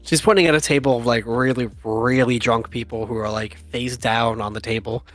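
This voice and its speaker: A man narrating as game master for a tabletop game, relaxed and often chuckling, with lots of fillers. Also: medium pitch, brisk, soft background music.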